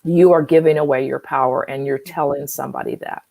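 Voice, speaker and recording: Calm low-voiced woman coaching. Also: vocal fry, rough recording. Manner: calm, measured, acts out sample phrases. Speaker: wellness workshop host. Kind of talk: live online workshop talk.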